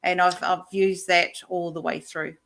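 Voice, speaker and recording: A middle-aged woman with a New Zealand accent, a guest chatting openly and warmly on a video call. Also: fairly low pitch, level tone, a little slow, creaky. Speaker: guest, coach. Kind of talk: casual interview chat.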